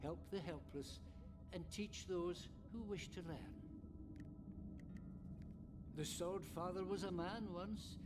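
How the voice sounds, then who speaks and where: An actor playing an earnest renegade priest who speaks in a formal, solemn, sermon-like way. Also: male voice, high-pitched. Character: earnest male renegade priest, devout and gentle. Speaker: game character.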